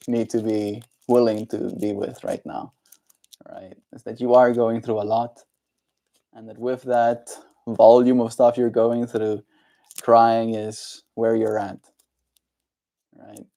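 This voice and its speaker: A man chatting on a daily livestream, answering viewers gently and encouragingly. His voice is mellow and dark, with a gravelly fry running through it. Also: mid-range voice, level tone, slow pace, long pauses. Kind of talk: casual livestream chat reading viewer comments.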